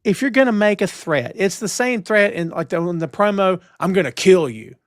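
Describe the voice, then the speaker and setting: A man's voice: sits high, moderate pace. A man co-hosting a podcast in casual chat, opinionated and emphatic, talking from a home setup on a stream. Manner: opinionated, emphatic, old-school wrestling talk. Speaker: podcast co-host.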